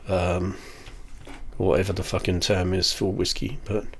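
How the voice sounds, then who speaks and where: A man with a somewhat low voice chats in a loose, rambling way, poking fun at himself and dropping the odd swear word. He sits very close to the camera in a small home setup. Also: level tone, measured pace, slightly rough. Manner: rambling, self-deprecating, swears offhandedly. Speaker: whiskey reviewer. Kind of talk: casual rambling chat. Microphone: camera very close to face.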